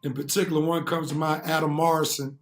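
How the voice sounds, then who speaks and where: A man's voice: on the high side, flat delivery, fast talker. A man co-hosting a sports talk show, explaining his points at length and in earnest. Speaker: co-host.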